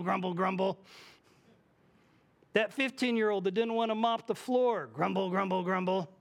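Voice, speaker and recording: Male pastor, 40s, high-pitched, lively preaching delivery that slips into quoted voices. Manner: animated, acts out quoted voices. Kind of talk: sermon.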